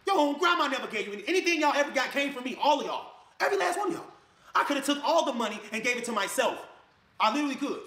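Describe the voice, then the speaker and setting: A man ranting to camera in a fired-up way, swinging between loud jabs and low mutters. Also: big pitch swings, very fast. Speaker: online video creator. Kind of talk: heated rant to camera. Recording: echoey room.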